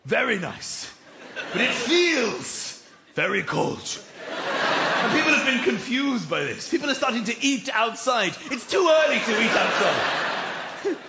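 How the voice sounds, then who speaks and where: A man with a very high, sing-song, slow and creaky voice performs stand-up comedy on a large theatre stage, animatedly telling stories and acting out characters. The recording is very noisy, with theatre echo and loud audience laughter.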